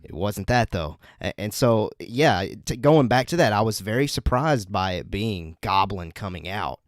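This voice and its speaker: Low-voiced guy, chill and measured, lots of yeahs and mm-hmms, dry close sound. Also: no echo. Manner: calm, measured, agreeable with short backchannels. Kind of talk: casual movie discussion.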